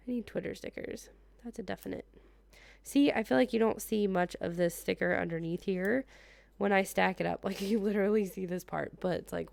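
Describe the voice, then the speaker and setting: An American woman in her thirties chats casually in her living room while decorating a planner, laughing often and muttering to herself in this plan-with-me vlog. Her voice is on the low side, a little mellow, with vocal fry and no room sound.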